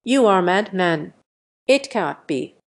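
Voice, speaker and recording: A woman's voice: fairly low pitch, expressive, measured pace. A synthetic woman's voice reading a fussy, flustered old male professor who speaks formally in an audiobook. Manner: formal, repeats sir.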